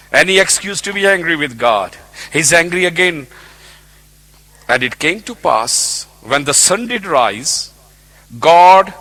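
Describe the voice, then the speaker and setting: Dramatic bright-voiced male preacher. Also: a little high. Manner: swings between loud exclamations and quiet asides, retells scripture in his own words. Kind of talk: sermon. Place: church.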